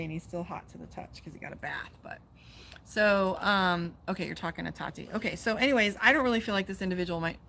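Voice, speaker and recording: A tarot reader and psychic from Las Vegas, USA, does a casual live-streamed tarot reading outdoors by a pool, chatting, swearing freely and breaking off to talk to her dog. Her voice is fairly low, creaky and fairly bright, with slight background noise.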